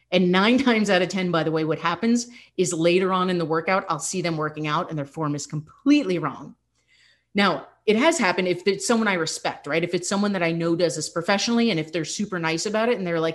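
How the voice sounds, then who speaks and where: A woman's voice: lowish voice, quick pace. A young adult woman fitness coach hosting a podcast, talking candidly and encouragingly, with laughs slipping in. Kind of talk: casual motivational podcast talk.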